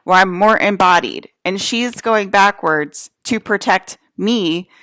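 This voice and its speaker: A woman's voice: mid-range voice, slow pace, fairly bright tone, dry recording. Profane, emphatic woman ranting. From New Jersey. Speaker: vlogger. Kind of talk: rambling solo rant to camera.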